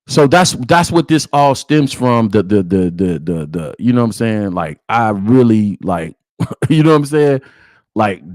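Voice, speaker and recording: A man's voice: medium pitch, no echo. A man hosting a live sports reaction stream, talking bluntly and with heat, swearing and repeating "you know what I'm saying". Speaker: sports channel host.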